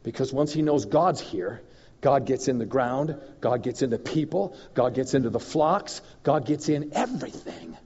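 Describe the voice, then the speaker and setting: A man preaching as a guest minister, telling a story in an animated way that swings from loud and emphatic to low and confiding. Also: moderate pace, husky. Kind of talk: storytelling sermon. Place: church hall. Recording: dull recording in a reverberant hall.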